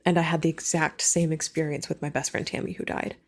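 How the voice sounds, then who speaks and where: A woman with a lowish, gravelly voice talks with a guest's easy candor. She sounds earnest and reflective and breaks into laughter easily. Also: flat delivery, a little fast. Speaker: podcast guest, author. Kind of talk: casual conversation.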